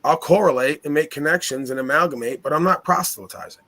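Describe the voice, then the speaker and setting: A man's voice: fairly high pitch, quick pace, bright, forceful tone. A man hosting a casual talk, speaking with confidence and authority and piling up rhetorical questions.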